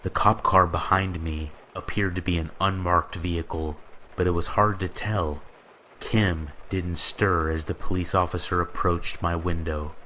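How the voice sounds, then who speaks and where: A man reading true scary stories aloud in a steady scripted narration. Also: sits low, a little slow, a little hiss or hum. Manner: steady storytelling read. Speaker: horror story narrator. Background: rain ambience.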